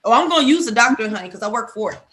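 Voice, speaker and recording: Hoarse woman telling animated stories. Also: a little high, racing, a little hiss or hum. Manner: animated storyteller, acts out others' voices. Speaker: podcast co-host. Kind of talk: casual chat among friends.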